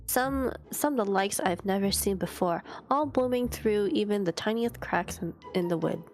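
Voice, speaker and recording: A woman's voice: medium pitch, normal speed, faint music behind. A woman streamer reading a dating game's first-person narration aloud, breaking off now and then to laugh.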